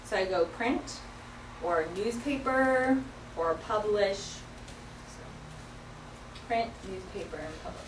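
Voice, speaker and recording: A woman's voice: medium pitch, lively intonation, takes it slowly, pauses often, recorded from a distance, background noise. Woman, sign language teacher, patient step-by-step explaining, recorded from across an echoey classroom. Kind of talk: classroom vocabulary lesson.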